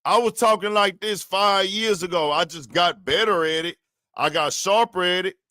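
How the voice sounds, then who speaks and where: A man's voice: high-pitched, moderate pace, bright, forceful tone, no room sound, clean studio sound. A man hosting a live stream, ranting in a fired-up way and calling out to his viewers, repeating his points. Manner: fired-up, repeats himself, calls out to the audience. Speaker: livestream host. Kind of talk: live-stream commentary rant.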